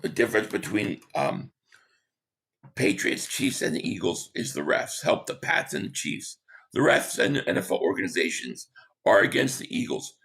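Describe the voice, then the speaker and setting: A man hosting a casual live stream, hoarse from losing his voice, who reads out viewer comments and gives blunt opinions. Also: fairly low pitch, big pitch swings, fairly bright tone. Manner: opinionated, quick agreement with viewers.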